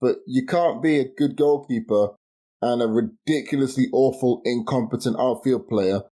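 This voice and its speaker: This twenty-something co-host from the UK vents his frustration on a laid-back podcast, stumbling into restarts and bursts of laughter. He talks at a normal speed with a warm, mid-range voice.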